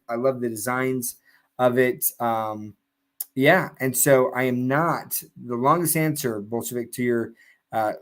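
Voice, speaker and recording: A man on a live stream telling a long casual story, full of fillers and restarts, laughing now and then. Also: mid-range voice.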